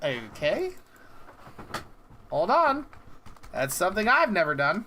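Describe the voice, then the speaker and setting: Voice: medium pitch, wildly swooping pitch, slow pace, pauses often, sharp tone, a little hiss or hum. A streamer ranting casually to chat in an exasperated, rambling way, with swearing, at a desk mic at home. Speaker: prank call streamer.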